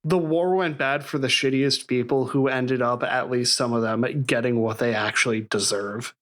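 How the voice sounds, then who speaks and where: A man's voice: mid-range voice, steady tone, moderate pace, fairly bright tone. A man co-hosting a podcast in casual chat, making wry, dry remarks. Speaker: podcast co-host.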